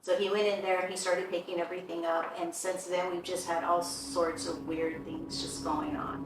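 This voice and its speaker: A woman's voice: lowish voice, moderate pace. A woman who owns a shop tells of strange events in casual conversation, acting out what people said. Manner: animated storyteller who acts out quoted dialogue. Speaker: shop owner and tattoo artist. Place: indoors in a shop. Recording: echoey room, mic some distance off, faint background hum.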